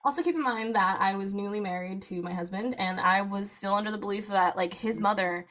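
A young woman telling a long personal story in casual chat, animated, laughing often and filling her speech with "like". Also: medium pitch, fairly quick. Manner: animated, laughing, frequent "like" fillers.

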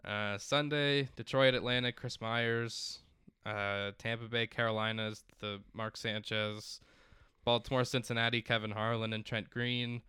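A man co-hosting a casual sports podcast, with a bright, crisp voice. He talks in a chatty way and rattles through lists of games and standings. The sound is dry and close. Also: mid-range voice, little pitch movement, a little slow, dry recording. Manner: chatty, reads out lists, laughs often. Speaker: podcast co-host.

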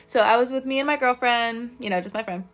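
A woman's voice: a little high, quick pace, a bit bright, soft background music. A young woman chatting casually while giving a tarot reading, rambling through stories and laughing often between words. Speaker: tarot reader.

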